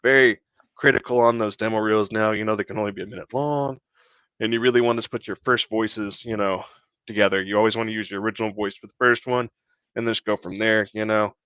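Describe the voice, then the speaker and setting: A man's voice: on the low side, fairly even intonation, fast talker, a bit bright, clear, resonant tone, no echo. Laid-back man, dry and muffled. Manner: joking, laid-back, says "you know" often. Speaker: guest voice actor. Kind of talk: casual interview chat.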